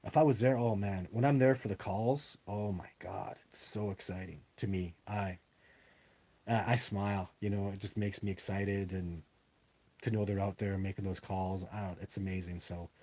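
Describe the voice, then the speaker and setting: A man's voice: deep voice, steady tone, normal speed, darkish tone. A man talks straight into a webcam during a live stream, taking viewer questions one after another. He rambles and repeats himself for emphasis. It has the loose, casual feel of an online Q&A. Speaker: livestream host answering viewer questions. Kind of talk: casual livestream Q&A. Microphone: webcam on a live video stream.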